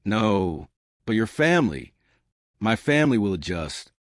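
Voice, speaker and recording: A man voicing an adult male crime boss who speaks quietly and steadily, with restraint. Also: fairly low pitch, sing-song, measured pace, dry recording, studio quality. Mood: firm.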